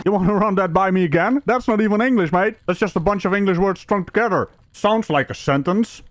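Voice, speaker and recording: A man's voice: sits high, brisk, no echo. A man giving mocking reaction commentary in a sarcastic tone.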